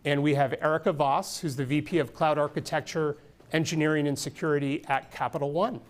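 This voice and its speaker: On a conference stage before an audience, a man from California moderates a live panel discussion. His voice is on the high side and steady, a little fast, and he speaks evenly despite frequent ums and restarts.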